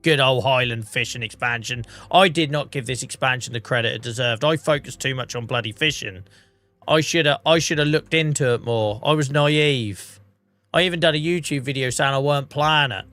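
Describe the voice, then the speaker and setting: An English livestreamer with a cough plays a farming game, chatting in a rambling, self-mocking way while under the weather. His medium-pitched, slightly bright voice moves at a moderate pace.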